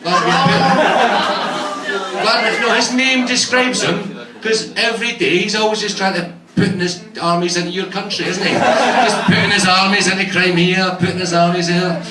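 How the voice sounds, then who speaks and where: A man's voice: high-pitched, fairly even intonation, normal speed, very noisy. Scottish guy in his 40s doing crude standup, recorded from far off, crowd laughing. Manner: crude, punchy, teasing the crowd. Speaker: stand-up comedian. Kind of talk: stand-up comedy set. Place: comedy club stage in a bar. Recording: echoey room from far off, crowd. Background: audience laughter.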